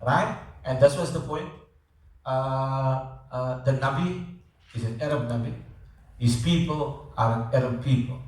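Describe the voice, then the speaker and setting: Echoey lecturer. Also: male voice, mid-range voice, unhurried. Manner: conversational, repeats words, checks understanding. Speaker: teacher. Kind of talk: classroom lecture. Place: classroom. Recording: echoey classroom, voice from far off.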